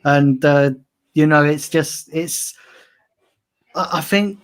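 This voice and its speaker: A man's voice: fairly high pitch, takes it slowly, clean tone. A man talking in a casual tribute chat, hesitant and heartfelt, with many restarts. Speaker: regular on fan channel stream.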